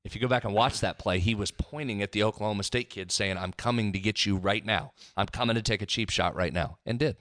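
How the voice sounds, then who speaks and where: Man, co-host, rapid talker, deepish voice, dry asides. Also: fairly bright tone, dry recording. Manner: quick, dry interjections. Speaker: podcast co-host. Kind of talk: casual sports chat.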